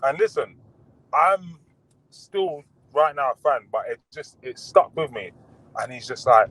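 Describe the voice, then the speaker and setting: A man chatting as a boxer guest on a podcast, relaxed and full of fillers and restarts. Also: mid-range voice, a little slow, low-quality recording. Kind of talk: casual podcast interview.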